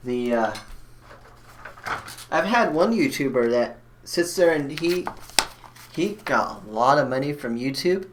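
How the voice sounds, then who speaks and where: A man's voice: medium pitch, lively intonation, measured pace, long pauses, noisy background. Blunt rambling man live-streaming. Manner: blunt, rambling, frequent restarts and fillers. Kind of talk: casual live-stream chat while building a computer.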